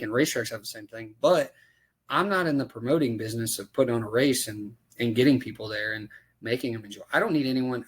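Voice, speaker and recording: A male dirt late model race driver rants about racetracks on a podcast, talking casually and profanely and firing off rhetorical questions. His voice is husky and medium-pitched.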